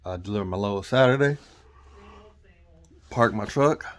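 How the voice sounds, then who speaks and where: A man's voice: fairly low pitch, measured pace, a bit bright. A man, a truck driver, telling a rambling story in a casual vlog and often correcting himself as he goes. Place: in or near his truck.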